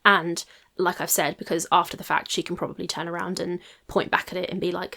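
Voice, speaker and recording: A woman's voice: fairly low pitch, little pitch movement, fairly quick, creaky, pushed and bright. A woman hosting a reaction channel, giving skeptical casual commentary and thinking aloud with hedges.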